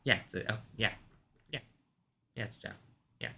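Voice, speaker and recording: A man's voice: mid-range voice, expressive, moderate pace, vocal fry, pauses often, bright, forceful tone, slight background noise. A man hosting a live stream, chatting casually in a rambling way, laughing often and swearing freely. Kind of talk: casual reaction stream commentary.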